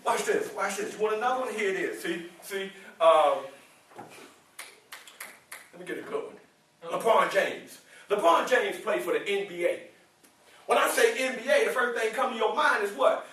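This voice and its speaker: A man giving a lively motivational speech to students. He teases them playfully, asks them questions and waits for their answers. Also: high-pitched, moderate pace, pauses often. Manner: playful, teasing, asks the audience questions and laughs often. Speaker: motivational speaker. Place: indoor room with a student audience. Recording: very echoey room, mic far off.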